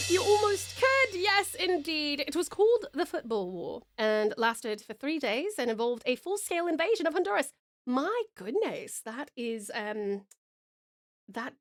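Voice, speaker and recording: A woman's voice: a little high, dry recording. An Australian woman from Tasmania chatting casually and playfully on a live stream, self-deprecating, close to a desk microphone.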